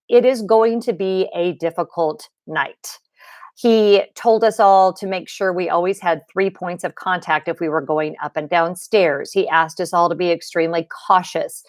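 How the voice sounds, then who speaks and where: A woman's voice: fairly low pitch, dry recording, clean studio sound. Chatty woman hosting a livestream. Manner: chatty, greets viewers by name mid-story. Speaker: livestream host. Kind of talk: casual livestream chat. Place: home desk with a computer.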